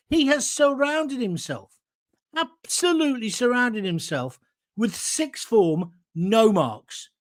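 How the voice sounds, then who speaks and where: A man hosting his own show, delivering a combative, sarcastic political rant. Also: very high voice. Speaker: host.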